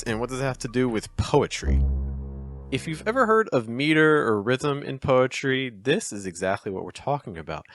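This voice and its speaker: A man explaining poetic meter in a chatty, encouraging video lesson, acting out the stresses with exaggerated rises and falls in pitch. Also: very animated, moderate pace, fairly bright tone, no room sound, soft background music. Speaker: poetry teacher.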